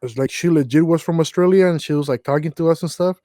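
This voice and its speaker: A man's voice: fairly high pitch, quick pace, dark tone, no room sound. A young man co-hosting a podcast, telling rambling work stories with lots of slang and fillers. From Mexican background. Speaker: podcast co-host. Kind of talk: casual storytelling chat.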